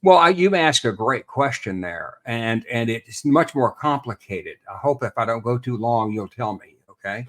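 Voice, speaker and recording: A man's voice: medium pitch, lively intonation, normal speed, few pauses, fairly bright tone. A man, a real estate expert guest on a podcast interview, explaining earnestly and repeating words as he thinks.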